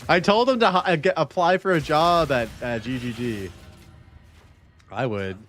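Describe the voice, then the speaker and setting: A man's voice: fairly high pitch, normal speed, a bit bright, faint music behind. A man streaming a game, casually chatting with his viewers in a laid-back, rambling way. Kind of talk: casual gaming stream chat.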